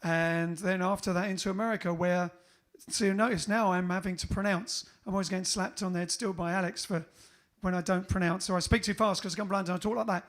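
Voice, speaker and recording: A man's voice: high-pitched, fairly even intonation, fast, hardly any pauses, a bit bright. A man with a Cockney-Essex accent, hosting a casual livestream chat as a band frontman, rambling with many fillers. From England.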